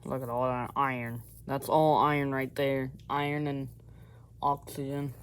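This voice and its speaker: A man's voice: mid-range voice, flat delivery, unhurried, clean tone. A man chatting casually through an outdoor how-to vlog, rambling and often correcting himself, recorded on a camera mic by a fire. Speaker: vlogger.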